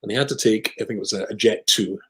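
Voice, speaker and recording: Low-voiced British rabbi telling a story. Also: male voice, fast, poor audio. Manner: animated anecdotal storyteller with asides. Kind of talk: storytelling conversation.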